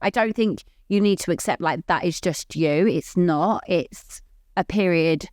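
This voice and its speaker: Earnest woman, lowish voice. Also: a little slow, darkish tone, no echo, clean studio sound. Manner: rambling, heavy use of "like", open and earnest. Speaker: podcast co-host. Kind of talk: candid casual chat.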